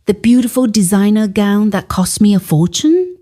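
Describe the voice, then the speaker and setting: A woman's voice: mid-range voice, expressive, normal speed, warm tone, pitched above the performer's own voice, lightly acted. A woman voicing an angry, scolding grown son. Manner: harsh, snapping, scolding. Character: angry young adult man, ashamed son.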